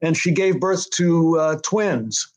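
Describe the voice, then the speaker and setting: A man's voice: a little high, slow. An older American man telling a story in an interview, rambling with many restarts and fillers. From United States. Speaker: TV writer-director being interviewed.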